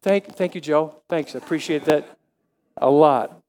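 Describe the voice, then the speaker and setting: A man in his seventies preaching a sermon, halting with frequent restarts, then rising to emphatic questions. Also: fairly high pitch, background noise. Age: 70s. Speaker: lay preacher.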